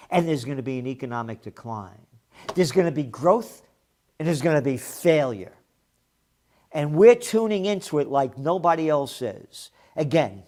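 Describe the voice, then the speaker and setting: A man's voice: a little high, darkish tone. Combative, profane man ranting commentary. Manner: combative and profane, with mocking asides; emphatic, repeating words as he builds a point. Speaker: trends forecaster and magazine publisher.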